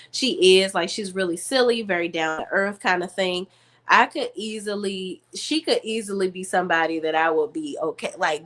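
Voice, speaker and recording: Brief: woman hosting an online show, animated and slangy storyteller, mid pitch. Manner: animated, slangy, addresses viewers as y'all. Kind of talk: casual storytelling to viewers.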